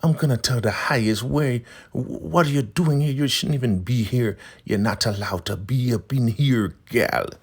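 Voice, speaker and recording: A man with a deep gravelly voice voicing a bossy older woman elder who accuses and taunts. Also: normal speed, few pauses. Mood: accusing.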